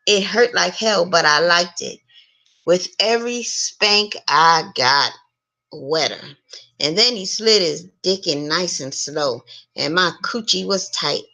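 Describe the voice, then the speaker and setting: Woman, story reader, lowish voice with heavy fry, frank and unhurried. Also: sharp tone. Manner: frank, unhurried reading with blunt asides. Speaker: reader of online stories. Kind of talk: reading an erotic story aloud.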